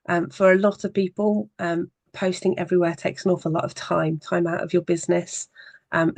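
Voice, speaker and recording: Workshop trainer with a gravelly voice and dry, close sound, talking through tips conversationally with frequent pauses. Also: mid-range voice, darkish tone, no room sound. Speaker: social media marketing trainer. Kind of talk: evening workshop presentation.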